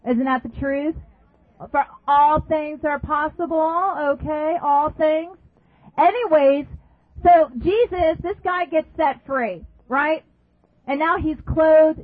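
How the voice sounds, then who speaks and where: A woman's voice: high-pitched, no echo. A woman preaching a sermon emphatically, repeating phrases and asking her listeners questions. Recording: dry, phone-like narrow sound.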